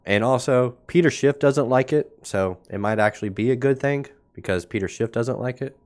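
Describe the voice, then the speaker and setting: A man's voice: mid-range voice, moderate pace. A man hosting a casual crypto market livestream, talking blunt and sarcastic over charts, with a cough that keeps breaking in. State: coughing now and then. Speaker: crypto market show host.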